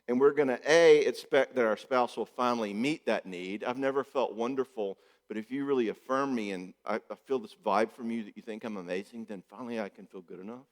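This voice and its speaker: A man's voice: medium pitch, a little fast, few pauses. A man gives a joking, conversational conference talk as a marriage therapist, often checking in with the audience. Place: church hall. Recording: echoey church hall.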